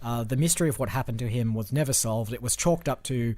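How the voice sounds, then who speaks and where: A man's voice: medium pitch, quick pace, a little mellow, no echo. A man co-hosting a podcast, rambling through film ideas in casual chat with lots of fillers. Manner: rambling, filler-heavy brainstorming. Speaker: podcast co-host.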